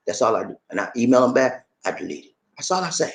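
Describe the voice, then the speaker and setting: A man giving a casual vlog monologue as a YouTube creator, animated and preachy, who keeps calling the viewer "man". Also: mid-range voice, fast talker, gravelly.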